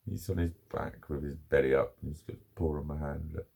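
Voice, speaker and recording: Man, middle-aged, gravelly, casual vlog chat, swears a lot. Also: very deep voice, fairly even intonation, brisk, a little mellow. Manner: swearing, laughing storyteller. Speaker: vlogger. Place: at home with his dog.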